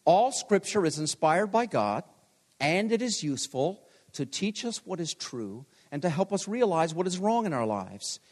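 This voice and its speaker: A man's voice: high voice, sing-song, normal speed. A man in his sixties, a pastor giving a homecoming chapel sermon, telling stories with self-deprecating humor. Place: large chapel. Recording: long hall reverb.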